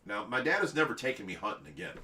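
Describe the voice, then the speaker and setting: A man's voice: mid-range voice, sing-song, brisk, sharp tone, recorded from a distance. A middle-aged man hosting a livestream, telling a long childhood story with frequent laughs. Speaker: fish rescue livestream host. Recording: echoey room, away from mic.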